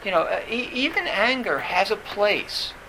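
Bright-voiced man giving a halting Zen talk. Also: high voice, animated, slight background noise, poor audio. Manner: halting, many fillers and restarts. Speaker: Zen teacher. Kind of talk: dharma talk.

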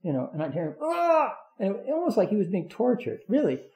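A man giving a rambling Zen talk, halting often with fillers and restarts. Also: sits high, sing-song, dark tone. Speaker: Zen teacher. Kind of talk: dharma talk. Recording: roomy, dull lo-fi recording.

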